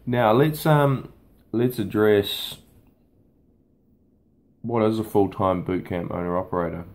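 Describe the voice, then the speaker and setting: A man's voice: lowish voice, takes it slowly, darkish tone. A man, a boot camp fitness trainer, talking off the cuff to camera in a blunt, casual way and swearing freely. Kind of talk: unscripted talk to camera.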